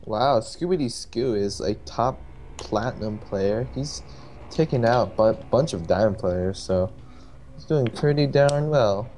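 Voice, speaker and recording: A man's voice: medium pitch, a little slow. A man co-casting a live strategy game match. He analyzes in a loose, rambling manner, circling back on his words. Faint music plays underneath his voice. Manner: relaxed, rambling analysis with restarts. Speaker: co-caster.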